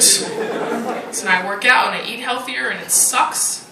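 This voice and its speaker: A woman's voice: on the high side, a little slow. A woman performing a stand-up comedy set, chatty and self-mocking, with lots of "like" and "you know". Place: comedy club stage. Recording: roomy live recording from a distance with loud crowd noise.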